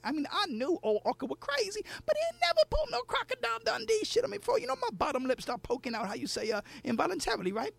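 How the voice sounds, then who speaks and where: A man's voice: a little high, big pitch swings, fast talker, gravelly. A man who is a spoken word poet, telling a story in a rhythmic, theatrical way in a radio studio.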